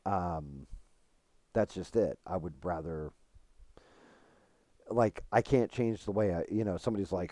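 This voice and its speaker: Middle-aged guy rambling on his stream, swears a lot, low voice, dry sound. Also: lively intonation, moderate pace, mellow, no echo. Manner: frank, profane, rambling. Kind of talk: casual gaming stream chat.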